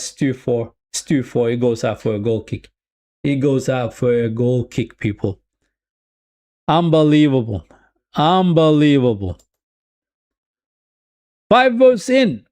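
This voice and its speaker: Chatty man doing live football commentary. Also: fairly high pitch. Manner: repeats phrases, addresses viewers as people; chatty, swings between excited and deflated. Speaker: football watch-along streamer. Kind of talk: live match watch-along commentary.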